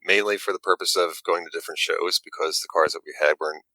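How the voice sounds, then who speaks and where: A man, a guest who makes models, telling an animated story in casual chat and acting out the quotes with little stammers. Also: deep voice, fast talker, no echo, low-quality recording.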